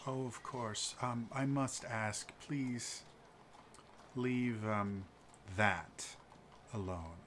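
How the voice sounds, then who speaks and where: A man voicing a courteous, soft-spoken male noble in a tabletop game, polite and measured. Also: medium pitch, a little hiss or hum. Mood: smooth courtesy.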